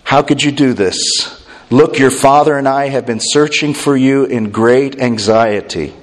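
A man's voice: mid-range voice, unhurried, voice pushed down, close to an everyday voice. A man preaching, voicing an anxious mother scolding her child. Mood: reproachful. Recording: long hall reverb.

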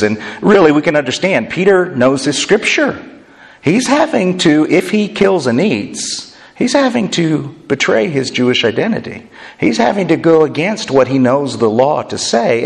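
A man delivers a sermon with a gravelly, creaky edge to his middle-pitched voice. He is animated and joking, acting out the voices in the passages he quotes, and his words ring with the long reverb of a big hall. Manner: animated, jokey, acts out quoted lines. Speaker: preacher.

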